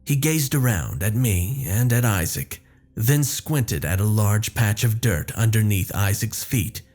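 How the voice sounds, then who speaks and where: In a slow, deliberate manner, a man tells a first-person horror story with measured, descriptive storytelling. His low, husky voice rises and falls lively while soft music plays faintly in the background.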